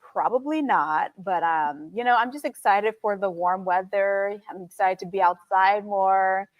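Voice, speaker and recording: Female host, relaxed chat, dry close sound. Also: mid-range voice, measured pace, dry recording, muffled recording. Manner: easygoing, laughs often. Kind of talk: casual morning talk show chat. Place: studio.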